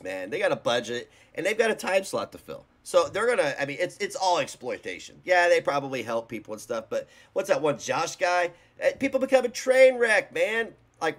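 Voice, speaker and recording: A man's voice: sits high, a bit bright. A man hosting a reaction video, giving casual commentary in a rambling, blunt and mocking way.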